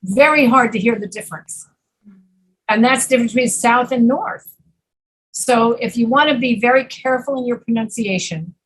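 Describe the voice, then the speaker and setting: A woman's voice: fairly high pitch, breathy edge, rough recording. A woman teaching an online pronunciation class, patiently modeling words over a video call. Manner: patient, explains slowly, models words carefully.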